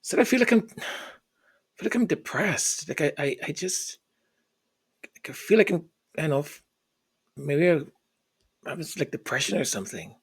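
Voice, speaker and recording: A man telling a personal story, halting and repeating words in an earnest way. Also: a little high, expressive, slightly rough.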